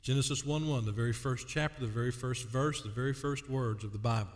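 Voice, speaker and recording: A male pastor preaching a sermon, reading scripture aloud and dwelling on key words with slow emphasis. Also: medium pitch. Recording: long hall reverb.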